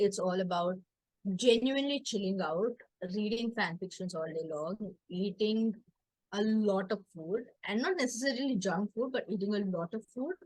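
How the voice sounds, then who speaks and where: Chatty, animated woman workshop host. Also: mid-range voice, dry recording, rough recording. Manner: chatty, animated, jokey, acts out family voices. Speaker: coach and community host. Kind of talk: casual workshop chat.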